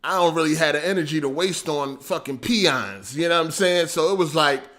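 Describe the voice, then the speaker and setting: Animated high-voiced man chatting on stream. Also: fairly quick. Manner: animated, laughs often, swears freely, slangy. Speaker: livestream host. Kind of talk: casual livestream chat.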